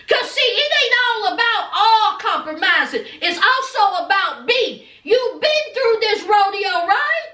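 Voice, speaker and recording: Sassy high-voiced woman recapping reality TV. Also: big pitch swings, unhurried, hardly any pauses, bright, forceful tone. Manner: sassy, dramatic, calls viewers honey and y'all. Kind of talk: casual commentary to viewers. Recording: echoey room, mic at a distance.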